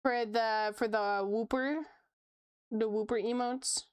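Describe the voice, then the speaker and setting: A woman's voice: on the high side, fairly even intonation, slow pace, smooth. A young woman streamer chatting casually while she draws, reading chat aloud, laughing often and swearing freely.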